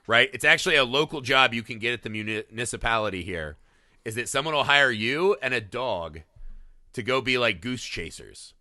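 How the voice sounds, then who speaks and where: Male podcast co-host, 30s, very bright punchy voice, animated, profane storyteller, dry close sound. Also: medium pitch, dry recording. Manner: animated storyteller, swears a lot, keeps asking "right?". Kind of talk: casual film podcast chat.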